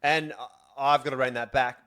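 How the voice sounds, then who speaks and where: A man's voice: medium pitch, steady tone, moderate pace, pushed and bright, clear, resonant tone. A man co-hosting a podcast in casual chat, hesitant and chuckling as he opens up. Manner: hesitant, chuckling, open about emotions.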